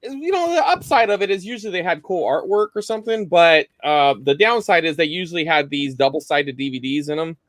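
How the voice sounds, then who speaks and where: A man's voice: fairly high pitch, expressive, a little fast, few pauses, fairly bright tone, no echo. A man co-hosting a live online collecting chat, talking casually and rambling with lots of fillers over a video call. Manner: rambling, loose, many fillers.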